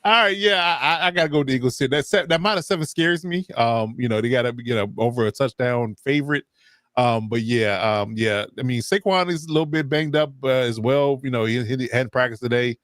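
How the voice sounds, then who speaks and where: A man's voice: mid-range voice, fairly quick, a bit bright, dry recording, studio quality. Easygoing man hosting a sports podcast. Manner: upbeat, steers the round of picks, many fillers. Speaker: host of a sports talk show. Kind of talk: casual sports chat.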